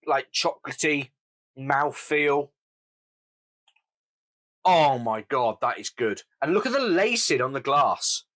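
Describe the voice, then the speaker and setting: A man's voice: mid-range voice, fairly bright tone. A man doing a casual beer review, talking with gushing enthusiasm.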